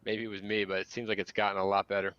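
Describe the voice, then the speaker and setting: A man's voice: fairly low pitch, monotone, racing, a bit bright, clear, resonant tone, no room sound, lo-fi sound. A man with a Philadelphia accent, chatting easily and telling rambling stories as co-host of a livestream. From Philadelphia area. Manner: rambling, easygoing, storytelling. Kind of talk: casual chat over drinks.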